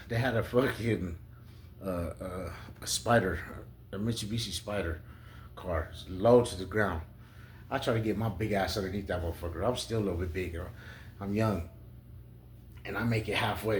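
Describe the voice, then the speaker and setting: A young adult man telling a rambling, profane story in a casual, animated way. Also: lowish voice, slight background noise.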